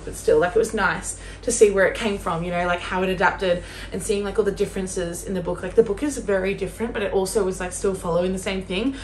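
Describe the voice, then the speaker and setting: A young woman chatting casually in a vlog as a book vlogger, gushing and peppering her talk with "like". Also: medium pitch. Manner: gushing, chatty, heavy use of "like". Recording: roomy echo with faint room noise.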